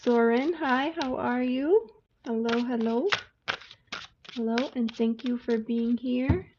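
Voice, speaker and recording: A woman's voice: on the high side, fairly even intonation, slow pace, mellow. A woman hosting a casual livestream of card readings, chatty and greeting viewers by name. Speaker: livestream tarot reader. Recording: dull lo-fi audio with faint hiss.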